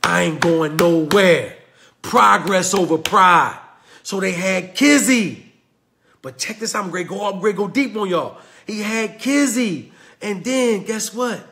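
A man with a Southern US accent giving a passionate motivational talk, retelling a story in a preachy way that swings from loud to hushed. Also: high-pitched, lively intonation, measured pace. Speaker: motivational speaker.

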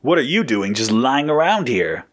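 A man's voice: mid-range voice, very animated, normal speed. Cocky, laid-back male hero, breezy and casual; the male narrator's own voice.

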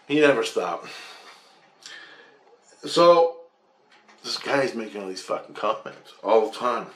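A man's voice: medium pitch, lively intonation, normal speed, pauses often. A man telling a rambling, agitated account of his spiritual experiences, swearing often and repeating himself. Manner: agitated, profane, repetitive storytelling. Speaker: vlogger recounting spiritual experiences. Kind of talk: rambling monologue. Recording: echoey room with faint background hiss.

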